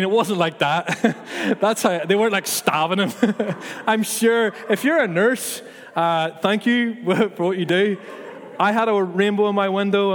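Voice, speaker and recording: A man, preaching a sermon in an earnest, conversational way to his church. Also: on the high side. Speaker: pastor. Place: church hall. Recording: long hall reverb.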